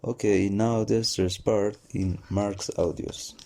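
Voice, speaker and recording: A man with Spanish as his first language presents to a class in a deep, mellow voice. He speaks slowly and carefully, pausing with small fillers between points. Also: fairly even intonation. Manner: slow, measured, with fillers. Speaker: student presenter.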